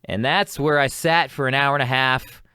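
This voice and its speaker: A young man hosting an advice podcast tells a rambling, self-mocking story in a casual monologue, acting out both sides of an argument. His mid-range voice is steady, bright, forceful, clear and resonant, at normal speed, with a dry, clean studio recording.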